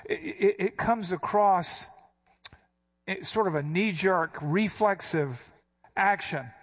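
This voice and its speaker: A man's voice: high voice, slow pace, slightly rough. A man preaching a sermon, teaching verse by verse in an emphatic, explaining manner. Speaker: pastor.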